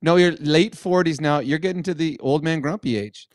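A man's voice: fairly high pitch, moderate pace, no echo, clean studio sound. A man co-hosting a casual podcast, teasing his co-host and telling playful little stories.

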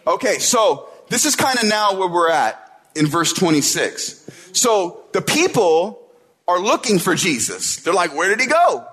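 Husky-voiced man preaching conversationally. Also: sits high, big pitch swings, measured pace, a bit bright. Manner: conversational preaching, tag questions like "right?". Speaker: pastor. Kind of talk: sermon.

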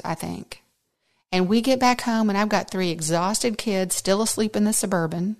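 A woman in her fifties hosts a podcast and tells a personal story in an earnest, faith-centered way. Her mid-range voice moves at normal speed, and she's a lively storyteller who acts out what people said.

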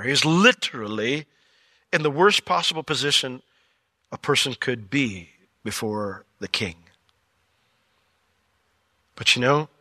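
Man, pastor, sermon, very bright voice, dry close sound, animated storyteller. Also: medium pitch, dry recording.

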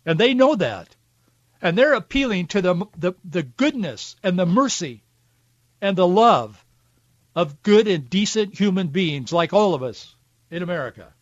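Male commentary host, high voice, preachy, dull lo-fi recording. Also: very animated, unhurried, no room sound. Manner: emphatic, preachy, indignant. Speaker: podcast host. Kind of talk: political commentary monologue.

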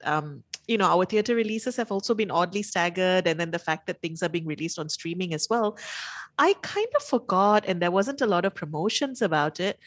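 A woman's voice: fairly low pitch, no echo, clean studio sound. A woman co-hosting a radio film review show, talking thoughtfully and chatting. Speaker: radio co-host.

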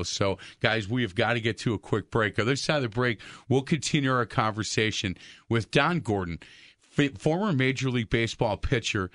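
A man hosting a talk show, speaking earnestly in a halting way after a guest's testimony. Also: mid-range voice, fairly bright tone, no echo, clean studio sound. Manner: halting, earnest, full of fillers and restarts. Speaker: radio show host.

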